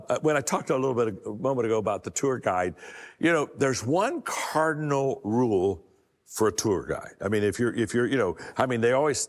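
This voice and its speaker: Older guy telling folksy stories in a leadership talk, lots of restarts, echoey hall sound. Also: mid-range voice. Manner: folksy storytelling with repeated restarts. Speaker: leadership speaker. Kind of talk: motivational talk.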